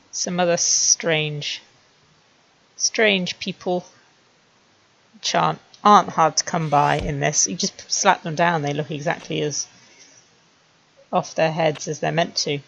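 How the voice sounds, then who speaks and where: Woman streamer, low voice with lots of vocal fry, dull lo-fi mic, chatty and wry. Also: fairly bright tone. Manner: chatty, wry, laughing at herself. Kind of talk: casual commentary while making a 3D animation.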